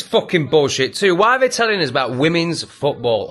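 A man's voice: a little high, very animated, brisk, few pauses, a bit bright. An English man ranting heatedly and swearing a lot in his own opinion vlog. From England. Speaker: vlogger. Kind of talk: profane opinion rant.

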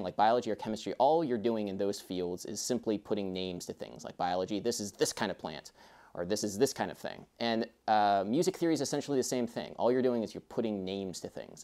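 Mellow-voiced man explaining rhythm. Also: on the low side. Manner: chatty, rambling asides. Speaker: music teacher. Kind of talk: casual explanatory lesson.

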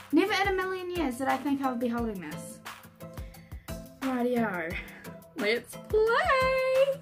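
A woman with a high, bouncy voice that swoops all over as she gushes through a casual unboxing vlog. She is excitable and giggles often, but her words come unhurried. Music plays steadily underneath her. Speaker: beauty vlogger.

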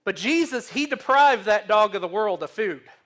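A man pastor preaching a sermon, slow and emphatic, asking the congregation questions to fill in. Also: high-pitched, lively intonation, fairly bright tone. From Missouri.

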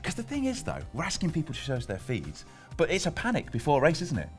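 A man's voice: a little high, wildly swooping pitch, faint music behind. A man co-hosting a live race show in casual, joking banter. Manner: fast-talking, joking.

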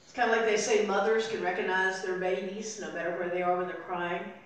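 An older woman preaching a sermon as pastor, telling the story and voicing its people softly. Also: medium pitch, level tone, a little fast. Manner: storytelling, acting out voices softly in quotes. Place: church sanctuary. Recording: very echoey room, voice from far off.

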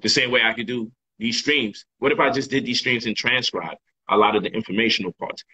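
A man's voice: mid-range voice, fairly quick, bright, forceful tone, a little hiss or hum, low-quality recording. A man hosting a casual livestream monologue, emphatic and repetitive in his talk, full of slang. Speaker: livestream host and author.

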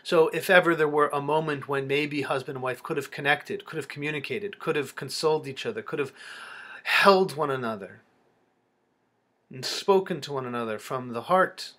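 A man giving a close-reading lecture on a poem, reflective and halting, with frequent fillers and restarts. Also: mid-range voice, bright, forceful tone. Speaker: literature lecturer.

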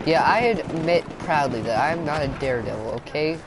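A young man narrates his gameplay in a loose, rambling way, cracking jokes at his own expense. His voice sits a little on the high side. Loud in-game noise plays behind him the whole time. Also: animated, fairly quick. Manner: joking, rambling, self-mocking. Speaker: gaming YouTuber. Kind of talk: casual gameplay commentary.

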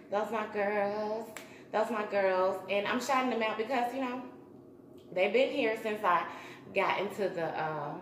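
A woman, chatting casually to her viewers as a mukbang vlogger and giving shout-outs. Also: mid-range voice, roomy sound, a little hiss or hum, rough recording. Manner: chatty, warm shout-outs, bursts of humming.

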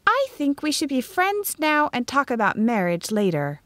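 Woman reading as a young teacher girl, high and bouncy, dry close sound. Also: moderate pace, no room sound. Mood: earnest. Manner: lively, bright-toned dialogue reading. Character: eighteen-year-old female schoolteacher, earnest and spirited.

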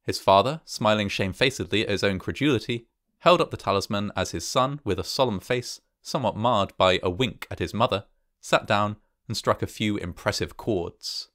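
Man, low voice, measured horror story reading, dry close sound. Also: a bit bright, no room sound. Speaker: narrator.

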